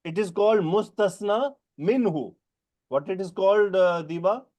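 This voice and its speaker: A man's voice: sits high, a little mellow. Male teacher explaining Arabic grammar. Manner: questioning students by name, explaining terms slowly. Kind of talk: online Quran grammar lesson.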